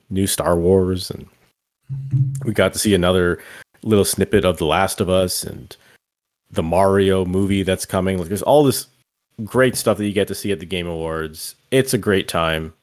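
Low-voiced man in casual podcast banter. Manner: enthusiastic, loose and rambling, swears casually. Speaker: podcast co-host. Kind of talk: casual chat.

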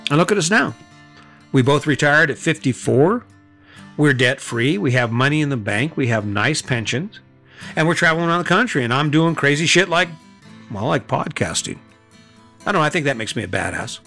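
A man's voice: fairly high pitch, expressive, normal speed, vocal fry, bright, forceful tone, soft background music. A middle-aged man hosting a podcast, giving a blunt motivational monologue full of rhetorical questions and swearing. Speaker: podcast host.

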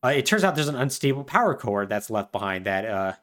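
Wry, animated podcast co-host man. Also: medium pitch, fast talker. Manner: chatty and wry, full of fillers. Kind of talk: casual plot recap.

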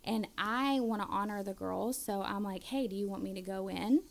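A woman's voice: medium pitch, moderate pace, creaky. A woman in her thirties telling a family story casually and animatedly, acting out her kids' voices.

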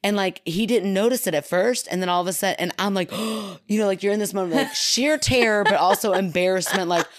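A woman from Kentucky telling a story in casual podcast chat, animated and often laughing as she talks. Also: mid-range voice, quick pace, hardly any pauses, no room sound, clean studio sound.

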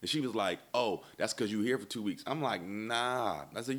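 A man's voice: lowish voice, fairly quick. A man, a comedian, telling a long comic travel story and acting out the people in it. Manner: animated, acts out dialogue in voices. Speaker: stand-up comedian.

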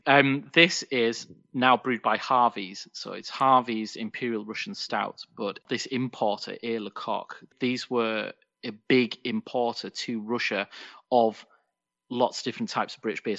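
Bright-voiced man on a dull dry mic. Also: fairly low pitch, steady tone, normal speed, gravelly, no room sound. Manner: chatty, playful asides. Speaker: podcast co-host. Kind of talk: casual beer chat.

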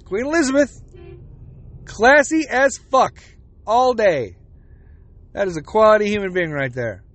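Profane high-voiced ranting man. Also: expressive, measured pace, fairly bright tone, no echo. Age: 40s. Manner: profane, blunt, heated. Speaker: podcast host. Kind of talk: opinionated podcast rant.

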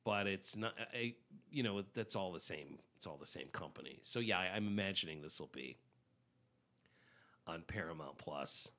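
A man hosting a comedy chat show, animated and jokey. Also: low voice, moderate pace, gravelly. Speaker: podcast host.

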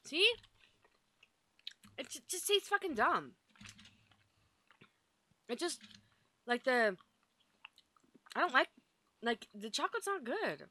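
Bright young woman, rambling and sweary. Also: high voice, sing-song, slow pace, long pauses. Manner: rambling, sweary, hesitant fillers. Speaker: food taster. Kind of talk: casual snack taste-test chat.

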